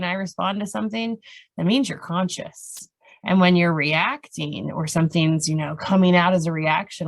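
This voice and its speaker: A woman's voice: fairly low pitch, a bit bright. A woman hosting a casual podcast interview, reflective and rambling, with lots of "like" and "you know.". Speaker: podcast host.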